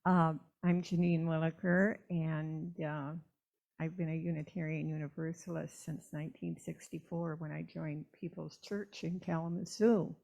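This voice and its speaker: A woman's voice: sits low, level tone, moderate pace, creaky, a little mellow. A woman in her eighties from the United States, giving a rambling, chatty testimony in a church. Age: 80s. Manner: rambling, chatty, self-amused. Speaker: church member. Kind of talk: personal testimony at a church service. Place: church sanctuary.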